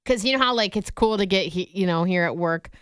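Radio co-host, woman, chatty storyteller, smooth clear voice, dry studio sound. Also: mid-range voice, brisk, fairly bright tone, dry recording. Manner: chatty storyteller, laughs often. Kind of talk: casual radio banter.

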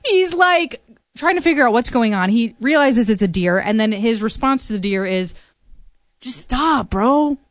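Chatty higher-voiced woman radio host. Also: lively intonation, moderate pace, no room sound. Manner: chatty storyteller, laughs often. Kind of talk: casual on-air radio chat.

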